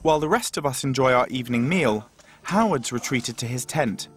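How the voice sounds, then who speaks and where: A man presenting and narrating an expedition documentary in a measured, steady way. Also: medium pitch. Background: background music.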